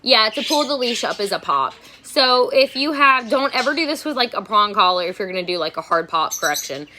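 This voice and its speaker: A woman's voice: on the high side, animated, brisk, pushed and bright, slight background noise. A woman dog trainer chatting frankly on a home livestream while getting ready, often repeating herself. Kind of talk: casual livestream chat. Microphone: phone or camera at arm's length.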